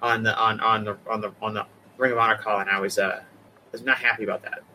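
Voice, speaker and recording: A man from the Boston area with a Boston accent, co-hosting a casual wrestling chat, animated and opinionated. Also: on the low side, quick pace, slight background noise, rough recording. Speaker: podcast co-host.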